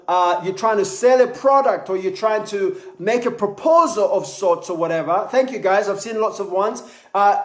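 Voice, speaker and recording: A man giving a live online sales lesson in an animated way, repeating words as he talks. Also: high voice. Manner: animated, acts out little voices, repeats words. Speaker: sales trainer. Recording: echoey room.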